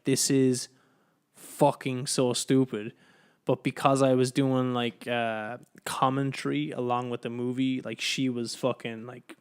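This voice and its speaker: A man's voice: medium pitch, clean tone. A young Irish man hosting a podcast, chatting casually in a loose, rambling, profane way with many restarts. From Ireland. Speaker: podcast host. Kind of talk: casual solo podcast chat.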